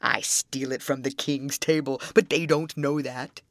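A woman voicing a gruff, scheming old male troll who speaks slowly and menacingly. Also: fairly even intonation, no echo, studio quality. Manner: slow, booming and menacing.

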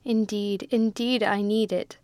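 A woman's voice: mid-range voice, little pitch movement, measured pace, a little mellow, no room sound, close to an everyday voice. A woman reading the part of a poor young woman with a sweet, simple, faltering voice, in a storybook reading. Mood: tearful.

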